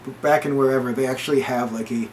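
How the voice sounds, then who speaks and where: A podcast co-host retells a story in a casual chat, packing it with quoted dialogue and restarts. He has a mid-range voice with fairly even intonation and talks fast, with slight background noise in the audio.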